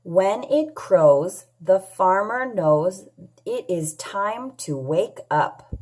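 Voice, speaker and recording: A woman teaching a children's phonics lesson, sounding out letters and words clearly and patiently, asking questions and answering them herself. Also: mid-range voice, lively intonation, extremely slow, a little mellow. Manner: patient, asks and answers her own questions. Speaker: English teacher.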